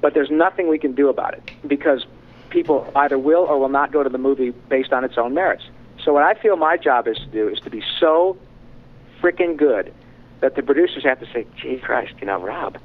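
Candid man telling stories over a tinny phone line. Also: on the high side. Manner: candid, animated anecdotes with frank asides. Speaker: voice actor guest. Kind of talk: casual interview storytelling.

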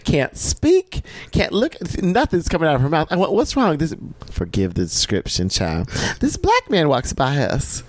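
A gay man telling dramatic, lively stories in an interview, calling people "child" and "baby" and quoting himself in a high falsetto. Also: a little slow, few pauses. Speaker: interview guest. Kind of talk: animated storytelling in a casual interview.

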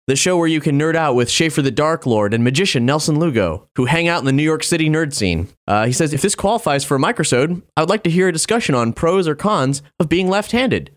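A man hosting a podcast, casually and upbeatly reading out supporter news, names and messages. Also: on the high side. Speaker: podcast host.

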